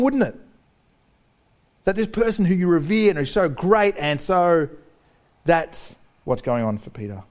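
A man preaching a sermon, animated, joking with the congregation and acting out the people he quotes. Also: sits high, measured pace, pauses often. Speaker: pastor.

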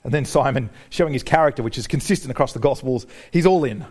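A man preaching a sermon, animated, joking with the congregation and acting out the people he quotes. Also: on the high side, normal speed, long pauses. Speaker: pastor.

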